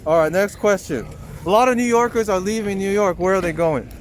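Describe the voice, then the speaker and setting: A man running a casual street interview outdoors, firing off quick, joking questions. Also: sits high, a little hiss or hum.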